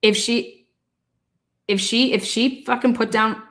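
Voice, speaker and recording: A woman talking through a case in a casual livestream, rapid, heated and full of swearing. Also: a little high, steady tone, fairly bright tone. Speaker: true-crime commentator.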